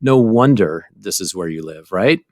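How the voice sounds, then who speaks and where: A man's voice: low voice, animated, moderate pace, dry recording, clean studio sound. A man hosting a podcast, asking long, rambling questions with enthusiasm and plenty of fillers. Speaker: podcast host. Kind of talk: casual interview chat.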